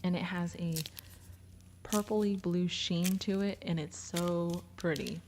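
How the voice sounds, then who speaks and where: A woman talks through her slime reviews in a casual, gushing way. Her voice sits low. Clear crinkling, crunching and clicking play under her words throughout. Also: steady tone, slow, darkish tone, a little hiss or hum. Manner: chatty and gushing.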